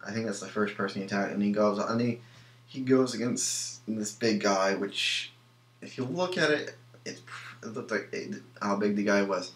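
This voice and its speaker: A man's voice: fairly low pitch, steady tone, moderate pace. Opinionated young man in an echoey room. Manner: rambling, many ums and restarts, opinionated. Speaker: wrestling show reviewer. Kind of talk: casual solo review.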